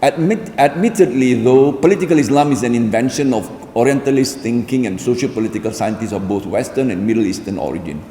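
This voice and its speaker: Man, formal lecture, mellow dark voice, measured delivery, roomy hall echo. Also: medium pitch, slight background noise. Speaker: lecture speaker. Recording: echoey hall with faint ambience.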